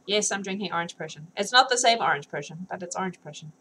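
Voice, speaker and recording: A woman's voice: lowish voice, lively intonation, fast talker, bright, forceful tone, a little hiss or hum, rough recording. A woman reading a novel aloud on a live stream, then chatting with viewers, laughing often and joking about herself.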